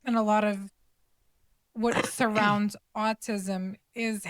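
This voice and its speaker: A woman's voice: medium pitch, flat delivery, slow, no echo. A woman hosting a podcast interview, chatty, playful and curious with her guest. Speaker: podcast host. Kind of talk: casual interview chat.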